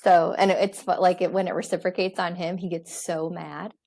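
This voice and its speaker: Podcast guest, female, slightly low voice, animated and quick to laugh. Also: gravelly. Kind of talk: casual conversation.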